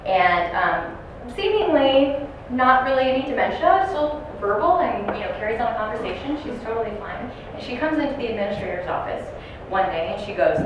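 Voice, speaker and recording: A woman's voice: on the high side, sing-song, brisk. A woman giving a training talk to caregivers, telling stories and putting questions to the audience in a large room. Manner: storytelling, asks the audience questions. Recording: echoey room from far off, noisy.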